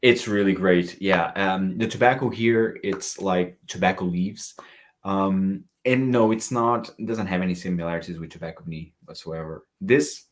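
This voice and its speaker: Very low-voiced man reviewing fragrances. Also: normal speed. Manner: chatty, reads live chat comments aloud. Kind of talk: casual livestream review.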